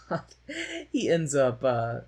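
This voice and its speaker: A husky man chats through a musical's plot as a podcast co-host, rambling and joking along the way. His voice is a mid-pitched one with a breathy edge, and he slips into mocking voices now and then. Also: extremely slow, darkish tone. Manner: rambling, jokey, with brief mocking put-on voices. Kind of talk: casual chat recapping a musical.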